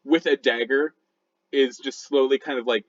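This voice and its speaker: A man's voice: medium pitch, steady tone, moderate pace. A man narrating as dungeon master in a loose, casual way full of fillers. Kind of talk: narrating a tabletop game. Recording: dull lo-fi audio.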